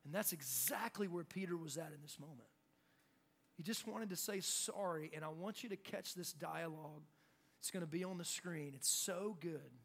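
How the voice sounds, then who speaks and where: A young adult male pastor preaching a sermon in an animated way, acting out quotes. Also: fairly high pitch, moderate pace, creaky. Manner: animated, acts out shouted quotes.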